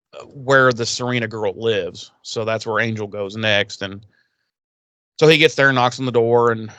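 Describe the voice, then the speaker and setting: A man co-hosting a podcast and walking through a TV episode in a loose, rambling way. He slips into quick mock voices for the characters and swears freely. His voice sits at an ordinary middle pitch and sounds dry and close. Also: fairly bright tone, dry recording. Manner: rambling retelling with acted-out quotes and swearing. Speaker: podcast co-host. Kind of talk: casual episode recap chat.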